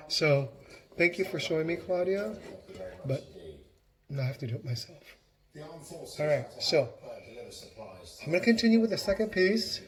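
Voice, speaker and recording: A man's voice: a little high, moderate pace, long pauses. A man giving a casual cooking demonstration in his home kitchen, chatty and encouraging as he talks while chopping.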